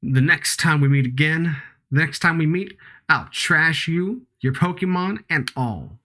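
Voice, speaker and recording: A boastful thug of a villain grunt sneers out slow, gruff threats, as a man puts him on while reading game dialogue. The voice is a touch higher than an average man's. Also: expressive, pushed and bright. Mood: sneering.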